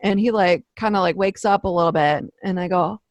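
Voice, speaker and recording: Young female podcast co-host: chatty, animated, swears, acts out her quotes, dry close mic. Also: fairly low pitch, brisk, no echo. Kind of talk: casual chat, storytelling. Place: home office.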